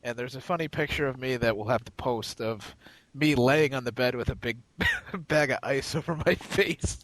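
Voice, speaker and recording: Poor audio carries a man's medium-pitched, fairly bright voice at an ordinary pace. As a podcast co-host chatting casually, he rambles through a profane story and impersonates the people in it.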